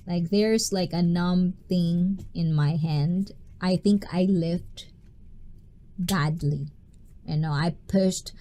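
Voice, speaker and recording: Slow, mellow-voiced woman streamer. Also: fairly low pitch. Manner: reads chat messages aloud and laughs often; playful, talkative. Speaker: livestream host. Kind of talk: casual livestream chat.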